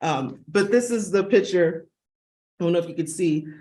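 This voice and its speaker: A woman's voice: on the low side, moderate pace, darkish tone. A woman librarian giving a chatty, enthusiastic booktalk on a video call webinar. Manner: enthusiastic, chatty, acts out dog sounds.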